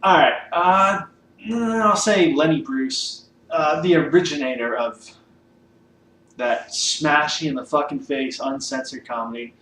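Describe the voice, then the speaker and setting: A man's voice: fairly high pitch, unhurried, fairly bright tone. Casual male vlogger, rambling and profane, heard from a distance in a roomy space with faint hiss. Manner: rambling, loose, swears often, many fillers. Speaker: vlogger ranking comedians. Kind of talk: casual unscripted monologue. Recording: echoey room, mic at a distance, faint background hiss.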